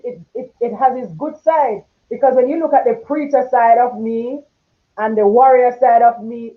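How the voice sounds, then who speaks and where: A woman hosting a talk show in casual chat, with a strong, forceful tone that gets loud when she is passionate, heard over a video call. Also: fairly high pitch. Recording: tinny phone-like line.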